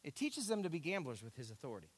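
Animated male preacher in an echoing hall. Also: on the high side, very fast, slightly rough. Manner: animated, emphatic, repeats key phrases. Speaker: pastor. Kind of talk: sermon. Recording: echoey hall.

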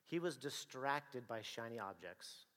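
A man telling a personal story to an audience in a dramatic, animated way, acting out the dialogue and the action. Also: mid-range voice, unhurried, big-room sound.

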